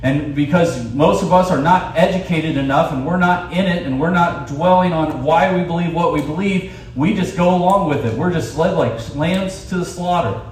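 A man preaching at a camp in an animated way, with quick asides and restarts. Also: fairly high pitch. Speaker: camp speaker. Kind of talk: sermon. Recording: echoey hall, distant mic.

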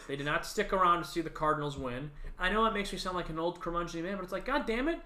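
Ranting animated man in an echoey room. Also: quick pace. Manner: ranting, animated, profane, mocks others in shrill voices. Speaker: podcast co-host. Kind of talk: casual chat.

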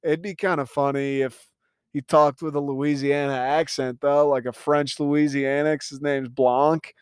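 A man voicing a goofy, stoned male screenwriter pitching an idea, giggling and slow. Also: flat delivery, clear, resonant tone, dry recording, studio quality, natural voice. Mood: giggly.

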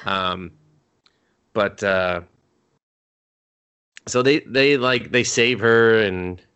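A man's voice: on the low side, extremely slow, a bit bright, clear, resonant tone, lo-fi sound. A man co-hosting a podcast, loosely recapping an anime episode in a rambling, profane, filler-heavy way. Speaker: podcast co-host.

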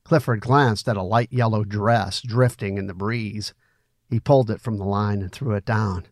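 A man reading a story aloud in steady, dramatic audiobook narration. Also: on the low side, moderate pace, no echo, studio quality.

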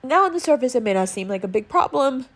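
A woman with a high voice tells a travel story at a quick pace in a casual monologue. She's animated, swears freely, and acts out the lines of the people she met along the way.

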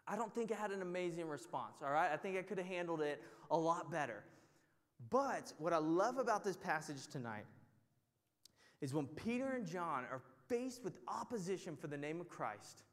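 A young man leads a Bible study in a large room, telling a story in a casual, self-mocking way packed with filler words, like a storytelling sermon. His fairly high voice swings widely in pitch at normal speed, with long hall reverb.

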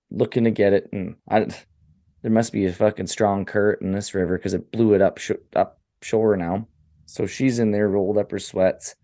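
A podcast co-host with a warm, lowish voice runs through a horror film in a casual, profane recap. His storytelling is loose and crude, with jokes and quick acted-out quotes from the characters.

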